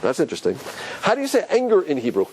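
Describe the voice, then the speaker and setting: A man teaching a religious class as a rabbi talks very fast in a rough recording with slight background noise. His lively lecture is animated, full of questions to the audience, with his pitch going up and down.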